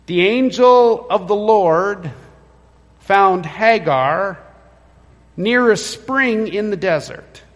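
Speaking very slowly in a high-pitched voice, a male pastor preaches in a church sanctuary, relating the story and dramatizing its quoted lines. Long church reverb fills the recording.

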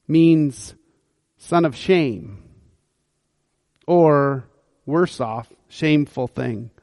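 A pastor delivers his sermon in a high, bright-edged voice, taking his time over every phrase. He tells the story vividly and acts out the figures' lines himself. The sound is close and dry, with no room echo.

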